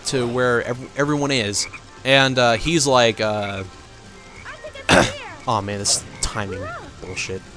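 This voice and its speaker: Lively man rambling over a game. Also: mid-range voice. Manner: rambling storytelling with fillers and swearing at the game. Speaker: let's play commentator. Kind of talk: casual gameplay commentary.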